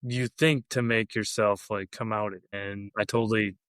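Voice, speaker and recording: Smooth-voiced male podcast co-host. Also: fairly low pitch, steady tone, moderate pace, fairly bright tone, no room sound. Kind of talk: candid casual conversation.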